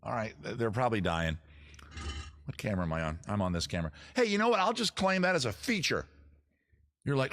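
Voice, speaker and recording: A man's voice: medium pitch, big pitch swings, fairly quick, pauses often, a bit bright, dry recording, studio quality. A man hosting his own live stream, chatting casually to viewers with jokey, self-mocking asides. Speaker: streamer host.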